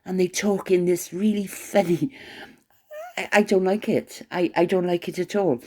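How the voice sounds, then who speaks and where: A woman's voice: on the low side, fairly even intonation, moderate pace, mellow. A woman giving an opinionated commentary monologue, scornful, with stammering restarts. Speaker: commentary vlogger.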